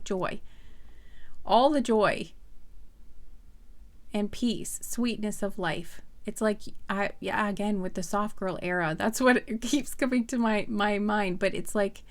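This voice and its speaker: A woman giving a casual pick-a-card tarot reading to her viewers, chatty and earnest, with many fillers and restarts. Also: mid-range voice.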